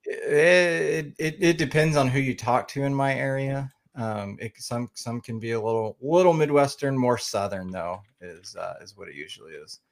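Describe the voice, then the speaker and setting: A man from Oklahoma with a slight Oklahoma accent chats casually as a podcast guest in an interview. He rambles with many fillers and restarts, using a mid-range voice at normal speed with hardly any pauses.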